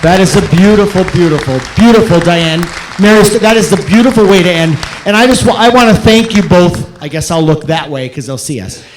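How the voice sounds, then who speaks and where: A man's voice: sits high, a little fast, echoey room, some chatter behind, a little hiss or hum, rough recording. A man hosting a film Q&A as festival director, giving an effusive thank-you speech and repeating words for emphasis. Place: theater auditorium.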